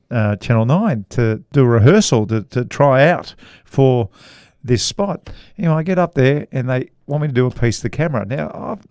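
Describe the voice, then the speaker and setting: A man's voice: mid-range voice, darkish tone, no echo. A middle-aged man with an Australian accent, a podcast co-host and golf commentator telling a long rambling anecdote with frequent chuckles. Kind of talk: casual storytelling chat.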